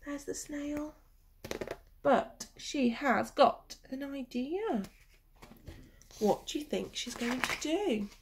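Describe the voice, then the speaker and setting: A woman reads a picture book aloud to young children, her voice high and her pace slow and unhurried. She speaks in a gentle, sing-song way, pausing to ask questions and sometimes dropping to a whisper. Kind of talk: children's storybook reading with questions to the listener.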